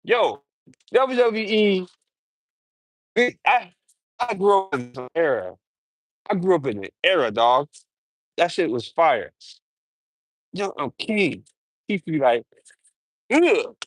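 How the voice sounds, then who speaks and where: A young man streaming from his garage, chatting casually and excitably in slang, often breaking into impressions and humming. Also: on the high side, slow pace, pauses often, no room sound.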